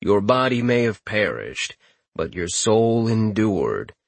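A man voicing a calm spirit remnant in a flat, deadpan, low voice. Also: takes it slowly, gravelly, dry recording, full character voice.

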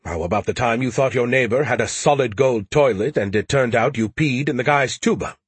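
A man's voice: medium pitch, a little fast, breathy edge, no room sound, close to an everyday voice. A man voicing a chatty, smug male artificial intelligence who teases with gleeful mockery. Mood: teasing. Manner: mocking, gleeful teasing.

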